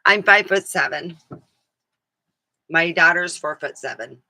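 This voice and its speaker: Middle-aged woman vlogger, chatty and rambling, laughs a lot, bright voice on a dry recording. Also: on the low side, a little slow, no room sound. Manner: chatty, laughs often, acts out quotes. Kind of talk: casual rambling chat.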